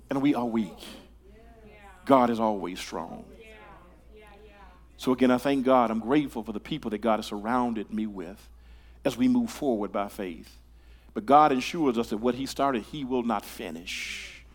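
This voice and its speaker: An older man preaching a sermon in a church, talking to the congregation in a conversational way, with stammered repeated starts that swing from hushed to loud. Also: mid-range voice, a little slow. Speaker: pastor. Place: church sanctuary.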